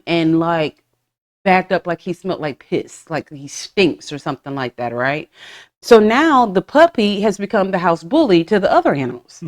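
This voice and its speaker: A woman in her forties hosting a podcast, telling stories in casual chat and slipping into voiced asides, with frank swearing. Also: medium pitch. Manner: animated storytelling with voiced asides and profanity. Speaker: podcast host.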